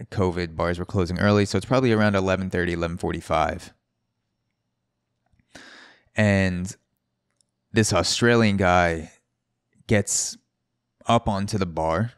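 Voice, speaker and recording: Deep-voiced man telling a rambling story. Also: clear, resonant tone, no room sound, studio quality. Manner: rambling storytelling with restarts and swearing. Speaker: podcast host. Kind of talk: casual solo podcast monologue.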